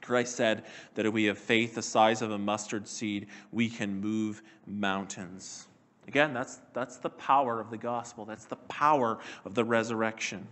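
Measured, earnest male preacher. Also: fairly low pitch, steady tone, fairly bright tone. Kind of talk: sermon.

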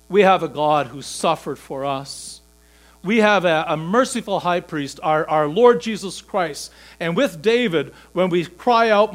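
A pastor preaches to his congregation in a slightly high voice, animated yet unhurried, sinking into quiet, low stretches before climbing to loud, emphatic peaks. A faint electrical hum runs beneath the recording.

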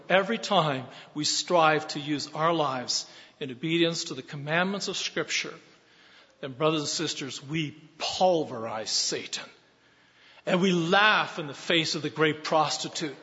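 A man preaching a sermon as pastor, earnest and building to emphatic shouts. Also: a little high, expressive, measured pace. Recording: dull sound with long hall reverb.

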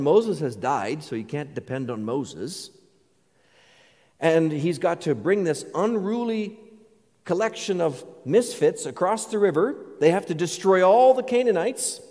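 A man's voice: fairly high pitch, darkish tone. A male pastor preaching a sermon, earnest and building to emphatic declarations. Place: church sanctuary. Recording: reverberant church hall.

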